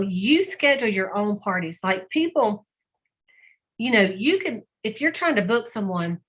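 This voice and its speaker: A woman's voice: medium pitch, a bit bright. A woman leading a sales team call, chatty and folksy, acting out little conversations as she coaches.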